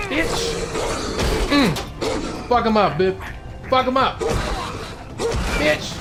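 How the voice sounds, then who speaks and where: A young man streaming a game, yelling loud profane trash-talk at the screen. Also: very high voice, animated, very slow, pauses often. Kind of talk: live game-stream commentary. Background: game music.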